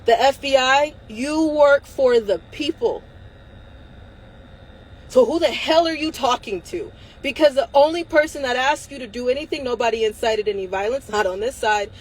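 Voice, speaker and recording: A high-voiced woman on a livestream, venting in an angry, defiant rant that carries plenty of swearing. She sounds on the verge of tears at times, her voice strained with emotion. Faint ambient noise sits behind her. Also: moderate pace, rough recording. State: close to tears. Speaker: livestream host.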